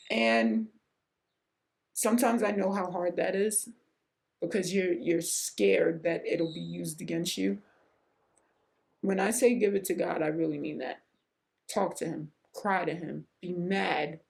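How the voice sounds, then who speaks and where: A woman's voice: lowish voice, measured pace, creaky, a little mellow. A middle-aged woman hosting a faith podcast, speaking earnestly and emotionally about surrender, often repeating herself for emphasis. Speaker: podcast host. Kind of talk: faith-based personal reflection.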